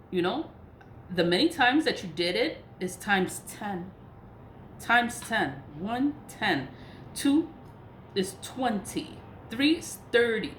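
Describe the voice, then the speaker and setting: A woman spiritual practitioner rants casually in a vlog, her mid-range voice a bit bright. She's blunt and profane and laughs between points, recorded in an echoey room with faint noise.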